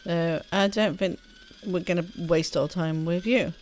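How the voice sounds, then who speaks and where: A woman's voice: lowish voice, fairly even intonation, unhurried, a little mellow, a little hiss or hum. A woman hosting a let's play, chatting casually and giggling as she plays. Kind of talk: casual gaming commentary.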